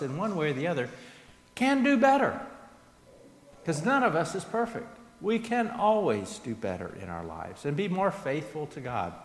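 A man preaching a sermon in a church, earnest, with a lively voice that climbs on questions and settles low at the close of each thought. His voice rings through a roomy hall with a long trailing reverb. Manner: earnest, rising questions and soft endings. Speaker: pastor. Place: church sanctuary.

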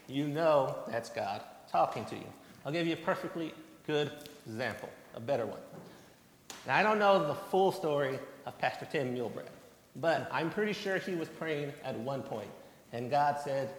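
Brief: young man, children's sermon, slightly high voice, echoey church hall. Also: slight background noise. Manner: storytelling, plain and gentle to children. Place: church sanctuary.

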